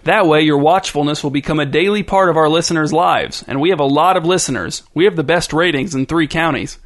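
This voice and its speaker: A man's voice: fairly high pitch, brisk, natural voice. A man voicing a brash middle-aged male radio host who talks eagerly, like a salesman. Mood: pushy.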